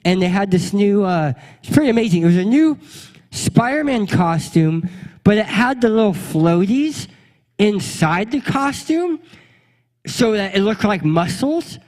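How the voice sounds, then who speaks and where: A young adult man, a pastor, telling a funny childhood story in an animated way and acting out the voices of the people in it. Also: high-pitched, a little slow, long reverb tail. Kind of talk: storytelling sermon.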